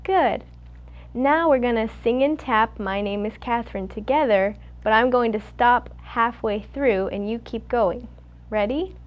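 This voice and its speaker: A young woman with a fairly high voice, working as a student clinician as she walks through a speech therapy drill. She coaches patiently, cueing sounds one at a time and answering each attempt with quick praise. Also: highs cut off. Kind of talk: demonstrating a speech therapy session.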